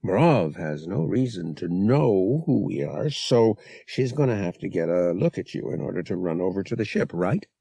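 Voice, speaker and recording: Man doing a brash, gravelly young pilot, loud and bossy, for an audiobook. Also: low-pitched, sing-song, moderate pace, few pauses, no room sound, full character voice. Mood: commanding. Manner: casual slang, barked orders. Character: brash young male pilot, cocky and commanding.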